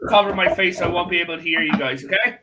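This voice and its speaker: A man's voice: high voice, quick pace, crowd noise. A man with an Irish accent chatting casually, telling jokey stories. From Ireland. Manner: joking, animated storyteller. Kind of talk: casual chat.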